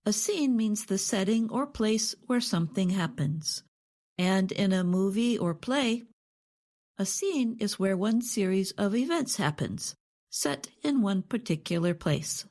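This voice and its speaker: A woman co-hosting an English lesson, explaining words in a clear, measured way. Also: medium pitch, expressive, darkish tone.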